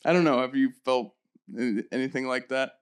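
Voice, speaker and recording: A man who is a comedian, a guest on a podcast, talking loosely with quick reactions and swearing. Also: medium pitch, steady tone, clean tone. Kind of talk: casual chat.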